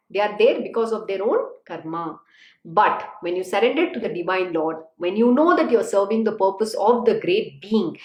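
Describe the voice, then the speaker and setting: A woman's voice: fairly high pitch, roomy sound, rough recording. A woman giving an informal spiritual discourse on scripture, talking conversationally with frequent restarts and asides. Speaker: spiritual teacher.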